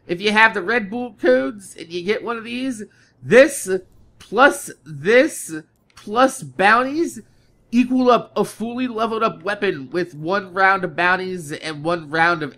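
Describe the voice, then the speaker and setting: High, bright-voiced profane gaming host. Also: male voice. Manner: profane, rambling, laughs often. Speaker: gameplay video host. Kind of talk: casual gameplay commentary.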